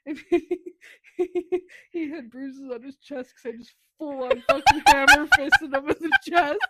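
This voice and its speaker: A woman's voice: sits high, big pitch swings, a little slow, very noisy. A woman co-hosting a casual book podcast, blunt and swearing freely, often laughing. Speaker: podcast co-host.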